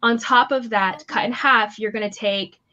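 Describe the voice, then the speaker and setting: A woman's voice: fairly high pitch, fairly even intonation, moderate pace, sharp tone. A woman narrating as game master in loose, chatty talk full of fillers. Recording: slightly muffled lo-fi mic.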